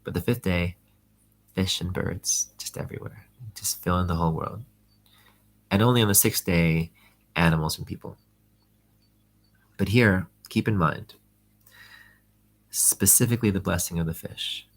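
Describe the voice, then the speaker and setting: A man's voice: deep voice, unhurried, gravelly, long pauses. A man giving a rambling, conversational lesson on religious texts, full of casual fillers. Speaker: Torah teacher.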